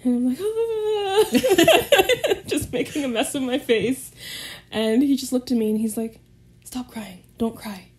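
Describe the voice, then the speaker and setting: A woman's voice: fairly high pitch, steady tone, a little fast, mellow. A woman guest telling a personal story in a casual way, often laughing as she talks. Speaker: podcast guest.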